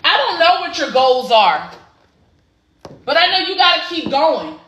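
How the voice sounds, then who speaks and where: A woman from the Southern United States with a Southern accent, an exam prep coach chatting on a phone live stream in an excitable, encouraging way. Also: high-pitched, unhurried, a little hiss or hum. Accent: Southern American. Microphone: phone camera.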